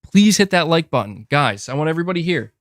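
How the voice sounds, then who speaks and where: A man with a somewhat higher voice hosts a gaming livestream in loose, chatty fashion, keeping the talk going while he coaxes his cat. He sits close to a desk mic in a dry, dead room with no echo. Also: big pitch swings, fast. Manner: chatty, keeps breaking off to coax his cat. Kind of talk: casual live-stream chat.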